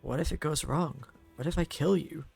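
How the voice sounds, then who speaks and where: A man voicing an excitable young woman inventor who talks in eager, loud bursts. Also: medium pitch, slow pace, creaky, breathy edge, faint music behind, exaggerated voice. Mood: anxious. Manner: eager, exclamatory.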